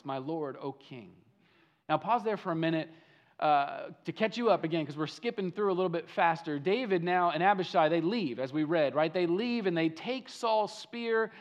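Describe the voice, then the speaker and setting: A man with a fairly high voice preaches a sermon. He tells the story with animation, acting out what the figures say, and he often repeats words and restarts sentences. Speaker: pastor.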